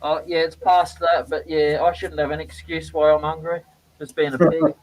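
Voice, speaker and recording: A man with a slightly high voice jokes and teases his friends on a video call. He sounds relaxed and easygoing as he chats about finishes and wood. The talk is loose and unscripted. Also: moderate pace, poor audio. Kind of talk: casual chat over a video call.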